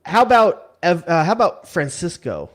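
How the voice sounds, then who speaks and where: A man's voice: high voice, moderate pace. A man co-hosting a soccer show, quizzing his partner and adding dry quips. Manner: wry, deadpan quips, quizzing. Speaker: podcast co-host. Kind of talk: casual sports chat.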